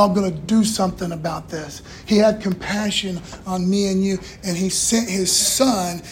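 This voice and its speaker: A man's voice: high voice, darkish tone. A male pastor preaching a sermon in a folksy call-and-response style, with casual asides to the congregation. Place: church. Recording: echoey room, faint room noise.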